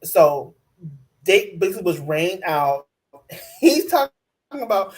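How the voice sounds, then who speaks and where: A man co-hosting a casual TV recap chat, talking in an animated way, laughing often and repeating himself. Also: high-pitched, slow, pauses often. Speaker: podcast co-host.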